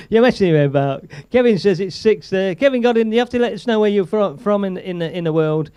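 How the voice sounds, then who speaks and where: A man chats loosely on his live stream, laughing often and reading viewer messages aloud. His voice sits high for a man. The sound is dry and close, with no room around it. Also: lively intonation, a little fast, warm tone, clean tone, no room sound. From England. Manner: chatty, rambling, laughs often, reads viewer comments aloud. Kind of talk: casual live-stream chat.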